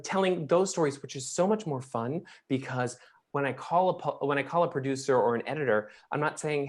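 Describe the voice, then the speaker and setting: A man working as a publicist, talking as a guest on a podcast in a chatty, animated way with many restarts. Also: mid-range voice. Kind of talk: casual podcast conversation. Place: Los Angeles.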